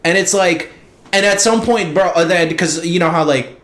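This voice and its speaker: A man's voice: sits high, normal speed, a bit bright. A man ranting in a casual podcast chat, swearing constantly and getting heated. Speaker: podcast host. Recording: roomy echo.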